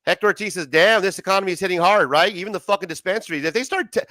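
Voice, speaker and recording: A man's voice: sits high, racing, bright, forceful tone, dry recording. A man hosting a casual late-night livestream, swearing a lot and laughing often. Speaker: livestream host.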